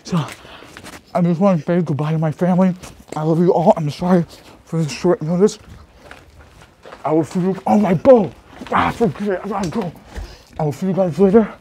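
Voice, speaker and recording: A young man rambling through a flustered, hurried goodbye in a comedic vlog. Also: high voice, fairly even intonation, warm tone, a little hiss or hum.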